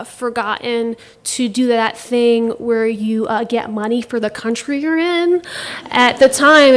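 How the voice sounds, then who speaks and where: Woman storyteller with a high voice, wry and self-deprecating, performing live on stage. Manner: wry, laughing asides. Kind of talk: live first-person storytelling. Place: theater stage.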